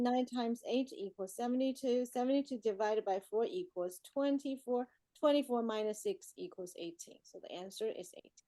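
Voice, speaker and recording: A woman's voice: sits high, darkish tone. A woman tutoring math, walking through word problems step by step and often checking in with the whole group. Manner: keeps checking in with "okay, everybody".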